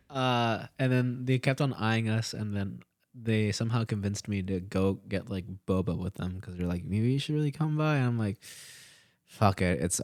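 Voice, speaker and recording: A man's voice: on the low side, no room sound, studio quality. Profane young man telling a story. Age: early 20s. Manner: profane, rambling, animated retelling with acted-out quotes. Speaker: podcast co-host. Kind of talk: casual storytelling chat.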